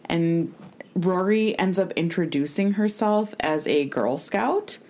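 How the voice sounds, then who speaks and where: A woman's voice: lowish voice, lively intonation, slow, darkish tone. A young woman hosting a podcast, chatting casually and recapping an episode, rambling and laughing often. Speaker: podcast host.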